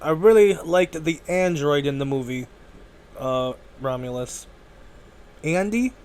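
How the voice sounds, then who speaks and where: Man, podcast host, casual rambling talk, slightly high voice, slow unhurried pace. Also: animated, darkish tone, clear, resonant tone. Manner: rambling, self-correcting, swears casually.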